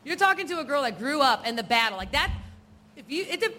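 A woman co-hosting a podcast, chatting casually, lively and quick to swear. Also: high-pitched. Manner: animated, swears freely. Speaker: podcast co-host. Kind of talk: casual banter.

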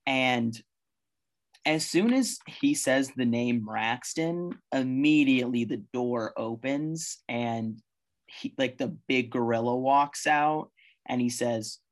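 Game master, casual rambling narration, tabletop game, mid pitch. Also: slow. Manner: casual, full of fillers like 'like'.

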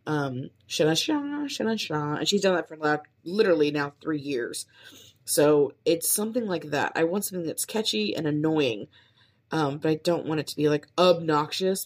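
A woman's voice: low-pitched, a little mellow. A young woman in her twenties testing podcast intros alone, thinking aloud and trying out upbeat greetings between comments. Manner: tries out upbeat intro lines, then comments on them. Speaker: aspiring podcast host. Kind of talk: solo test recording, thinking aloud.

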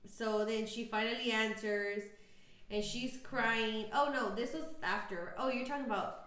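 A woman's voice: a little high, a little slow, a bit bright, roomy sound. A woman co-hosting a podcast, telling stories in casual, slangy chat full of ums. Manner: chatty storyteller, slangy, frequent ums. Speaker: podcast co-host.

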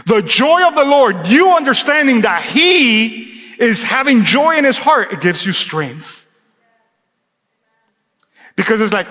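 A man preaching to his church in a high, bright voice. He calls out to the congregation and then drops to a near-hush for emphasis. His voice rings with the long reverb of a church hall. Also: very animated, slow, long pauses. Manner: preaching with call-and-response, drops to a hushed tone for emphasis. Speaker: pastor. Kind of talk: sermon. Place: church sanctuary.

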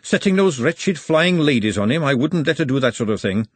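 A man's voice: mid-range voice, lively intonation, fairly quick, husky, no room sound, pitched above the performer's own voice. A man voicing an earnest, outspoken young woman who works as a cook and talks in a blunt, defensive way. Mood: indignant.

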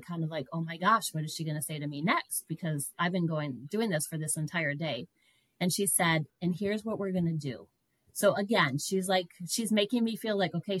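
Middle-aged woman guest, animated personal storytelling, low-pitched voice, dry sound. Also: no echo, rough recording. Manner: animated, breaks into laughter.

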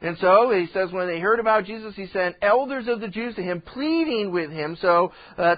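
Male pastor, high voice, conversational sermon, acts out quotes, dull lo-fi radio sound.

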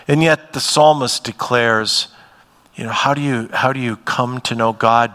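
A man preaching a church sermon in a conversational way, moving between emphatic bursts and hushed, soft passages. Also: mid-range voice, fairly even intonation, a little slow, big-room sound. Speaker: pastor. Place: church sanctuary.

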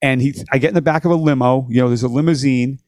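Man telling a relaxed rambling story. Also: medium pitch, fast, no room sound, studio quality. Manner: loose, rambling, uses "you know" and "like" often. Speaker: guest musician. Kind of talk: casual storytelling interview.

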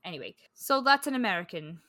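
A woman co-hosting a podcast, chatting casually about books in a rambling, animated way full of fillers. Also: on the low side, fast, no echo. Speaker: podcast co-host. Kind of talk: casual book-club chat.

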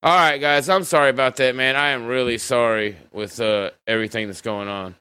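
A man hosting a streamed talk show. His voice is bright and crisp, recorded close and dry with no room sound. He talks loosely and profanely, rambling through his points. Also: mid-range voice, fairly even intonation, fairly quick, dry recording. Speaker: podcast host. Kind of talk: casual livestream conversation.

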